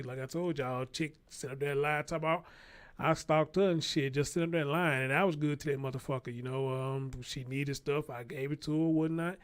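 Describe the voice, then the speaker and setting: A man hosting his own show, giving a blunt, profane, unscripted commentary and repeating his points for emphasis, speaking. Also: a little high.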